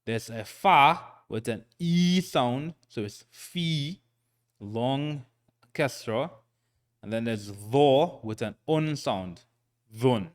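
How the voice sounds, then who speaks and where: A man teaching a recorded Quran reading lesson, patient and checking in often, sounding out syllables slowly and repeating them. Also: mid-range voice, lively intonation. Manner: slow, patient, frequent "right?" check-ins.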